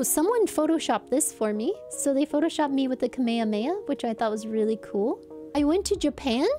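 Giggly young woman chatting, high mellow voice. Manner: giggly, rambling storyteller. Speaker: streamer. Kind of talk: casual vlog chat.

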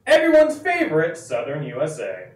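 Teen boy, hammy infomercial narration, wide swinging pitch, distant mic, faint hiss. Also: wildly swooping pitch, normal speed. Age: teens. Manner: exaggerated infomercial delivery. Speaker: ad narrator in a school sketch. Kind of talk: parody ad voice-over. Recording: echoey room from far off, faint noise.

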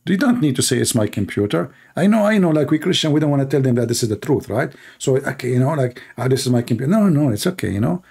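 A man's voice: mid-range voice, very animated, quick pace, creaky, hardly any pauses, a little mellow, husky. A man hosting a live stream, mocking and sarcastic, in broken English. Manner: sarcastic, mocking, non-native English grammar. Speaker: debate stream host.

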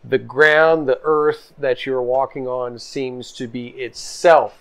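A game master narrating a tabletop role-playing game in a descriptive, measured way. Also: medium pitch, fairly even intonation.

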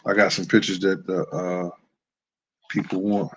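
A man's voice: low-pitched, level tone, measured pace, a bit bright. A middle-aged man hosting a show, telling casual anecdotes in a loose, repetitive, chuckling way. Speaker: host. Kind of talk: casual storytelling.

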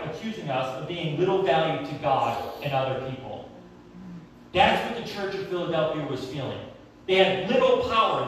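A young man preaching a sermon in a church, telling stories in a conversational, animated way. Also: high-pitched, a little hiss or hum. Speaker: pastor. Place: church sanctuary. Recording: very echoey, from far off.

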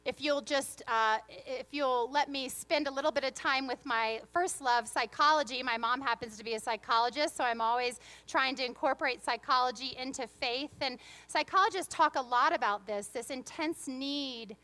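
A woman's voice: sits high, moderate pace, hardly any pauses, pushed and bright. A woman pastor giving a sermon in a church, moving between earnest reflection and playful, humorous storytelling. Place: church sanctuary.

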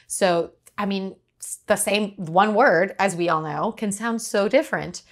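A woman from Uruguay, a podcast host speaking lively on a panel and quick to laugh. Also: mid-range voice. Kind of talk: panel discussion.

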